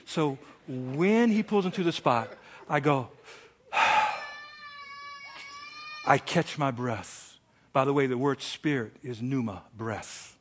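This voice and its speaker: A middle-aged man preaching a sermon, telling a story with big swings from hushed asides to shouted lines. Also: medium pitch, a little hiss or hum. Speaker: pastor.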